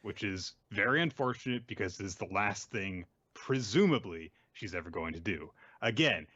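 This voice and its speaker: A man's voice: sits low, pushed and bright, dull audio. A man co-hosting a podcast, talking casually and thoughtfully with lots of fillers. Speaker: podcast co-host. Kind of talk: casual critical chat.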